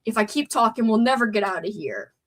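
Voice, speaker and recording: A woman's voice: on the high side, big pitch swings, a little fast. Chatty stuffed-up woman streamer. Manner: chatty, wordy, reads out chat comments. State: stuffed-up nose. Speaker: livestream host. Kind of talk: casual livestream chat.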